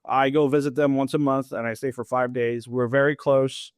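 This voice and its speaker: With a clear, resonant mid-range voice at a moderate pace, a man in his thirties talks as a podcast interview guest. He's animated and casual, laughing often and acting out dialogue as he tells his story, in a dry recording with clean studio sound.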